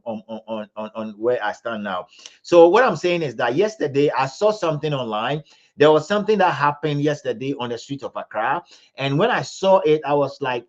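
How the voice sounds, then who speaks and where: A Ghanaian man hosts a live commentary stream in a mid-pitched voice. He loops back on his words with stammered restarts and presses hard on points that outrage him. The audio is slightly dull and lo-fi. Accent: Ghanaian English. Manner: repetitive, stammering restarts, rising to indignant emphasis. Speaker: livestream host.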